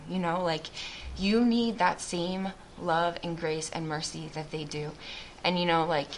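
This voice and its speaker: A woman's voice: lowish voice, steady tone, unhurried, a little hiss or hum. A woman speaking to a group as a missionary, giving an earnest, reflective faith testimony with many restarts.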